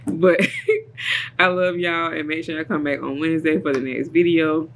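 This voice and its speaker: A woman's voice: sits low, fairly even intonation, brisk, a little hiss or hum. A woman vlogger giving a casual motivational talk to her viewers, emphatic and repetitive, laughing often. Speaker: vlogger, channel host.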